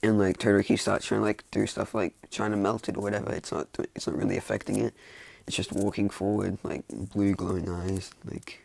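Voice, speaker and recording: A man's voice: lowish voice, level tone, fairly quick, creaky, darkish tone. A young man casually retelling a fan-made story, rambling and self-mocking, with lots of "like" and restarts.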